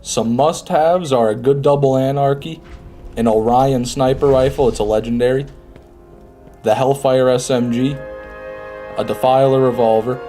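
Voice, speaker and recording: Man, live game streamer, casual chat, mellow dark tone, faint music underneath. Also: medium pitch, fairly even intonation, normal speed. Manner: chatty, reads and answers chat. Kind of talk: casual live gameplay commentary.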